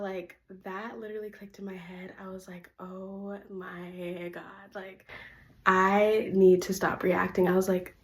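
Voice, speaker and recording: Young woman, casual storytime vlog, talkative, swears a lot, mid-pitched voice. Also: slight background noise. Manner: chatty, animated, heavy use of "like", swears freely; swings between loud ranting and low, quiet asides. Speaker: storytime vlogger.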